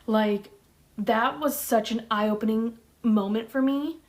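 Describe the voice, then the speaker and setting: A woman's voice: fairly high pitch, slow pace. A woman in her thirties telling a personal story to camera in a chatty, blunt, slangy way. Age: 30s. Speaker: vlogger.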